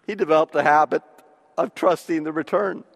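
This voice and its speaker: Male preacher, sermon, high voice for a man, long echoing reverb. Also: vocal fry. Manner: slow, deliberate, with emphatic pauses.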